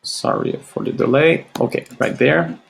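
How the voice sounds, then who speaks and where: A man with a French Canadian accent, a native French speaker, walking through a software tutorial in a halting, apologetic way with many fillers. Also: a little high, creaky, a little hiss or hum. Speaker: tutorial host. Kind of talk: screen-recorded software tutorial.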